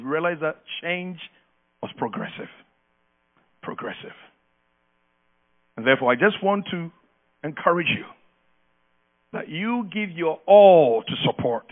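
Emphatic preacher on a tinny line. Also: male voice, a little high. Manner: emphatic call-and-response preaching. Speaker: outgoing pastor. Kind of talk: sermon. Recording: tinny phone-like sound with mains hum.

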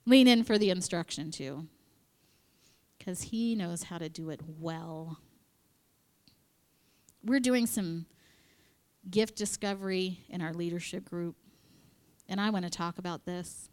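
A woman giving an animated devotional talk at church, acting out quotes and dropping into whispers. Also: fairly low pitch, takes it slowly, pauses often. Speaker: church speaker.

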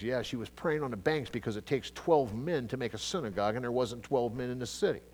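In a quick, mid-range voice with hardly any pauses, a middle-aged male pastor gives a casual, conversational sermon. He jumps from loud emphasis to quiet asides and restarts frequently.

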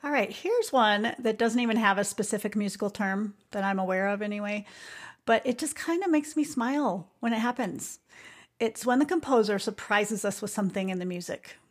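A woman hosting a podcast, talking in an earnest, reflective way about music and life, with soft asides. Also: mid-range voice, fairly quick. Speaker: podcast host.

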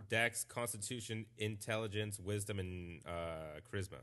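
A man's voice: lowish voice, moderate pace, a bit bright. A man playing a tabletop game, laid-back and a bit hesitant as he sorts out his character. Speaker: player.

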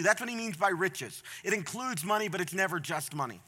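Animated, bright-voiced male preacher. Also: high-pitched, a little fast. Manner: conversational and animated, swinging between quiet asides and loud emphatic points; folksy, plain-spoken. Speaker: pastor. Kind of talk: sermon.

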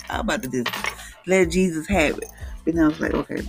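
A woman with a gravelly voice tells her own hard story, halting, repeating herself and close to tears. Soft music plays faintly behind her. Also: deep voice. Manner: halting, with many restarts and repetitions. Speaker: mother sharing a personal testimony. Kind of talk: emotional personal testimony.

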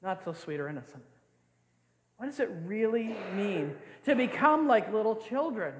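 High-voiced older man preaching in an echoing hall. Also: very animated, moderate pace, noisy background. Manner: playful, acts out scenes with laughs. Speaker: pastor. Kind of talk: sermon. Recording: echoey hall with long reverb.

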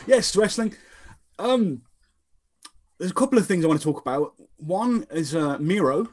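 Dry-joking Brummie caller. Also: male voice, sits high, animated, moderate pace, darkish tone. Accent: Birmingham. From Birmingham, England. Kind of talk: casual chat.

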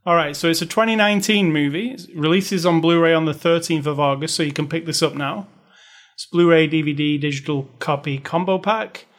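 Relaxed male podcast host, slightly high pitch, chatty and quick to laugh. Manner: easygoing, laughs often. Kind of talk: casual chat.

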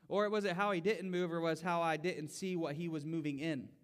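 A man's voice: fairly high pitch, steady tone, a little fast. A man preaching a conversational sermon, acting out complaining voices and rising to emphatic pleas.

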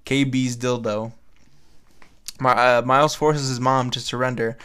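A young man co-hosting a comedy podcast, reading aloud in a loose, offhand way. His voice sits at an ordinary middle pitch. He laughs often and drops crude jokes. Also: level tone, unhurried, fairly bright tone, clear, resonant tone. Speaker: podcast co-host. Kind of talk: casual chat, reading fan fiction aloud.

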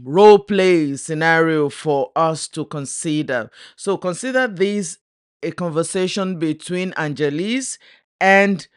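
A woman's voice: sits low, dry recording, studio quality. Earnest woman giving a devotional talk. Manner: warm, earnest, addressing listener directly.

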